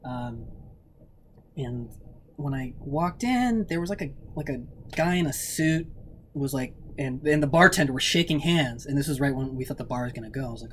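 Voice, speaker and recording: A record store owner, a man, tells stories in a rambling way and jumps into the voices of the people in them. His voice sits at an ordinary middle pitch. A faint hiss of room ambience stays behind him. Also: a little fast. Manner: rambling, animated, acts out quoted dialogue with laughs. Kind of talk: casual storytelling in an interview.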